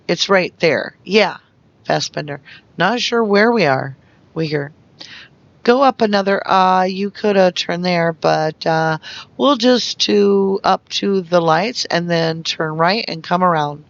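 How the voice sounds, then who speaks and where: A reader going through investigation transcripts aloud, naming each speaker and stage note in a flat way. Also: medium pitch, no room sound, lo-fi sound. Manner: reads out speaker labels and stage notes flatly.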